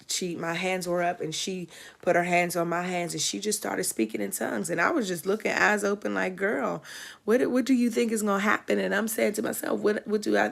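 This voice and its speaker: Middle-aged woman host, gravelly, reflective storyteller, swells to testimony. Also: medium pitch, fairly bright tone. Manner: reflective, rising to emphatic testimony. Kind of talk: personal storytelling on a livestream.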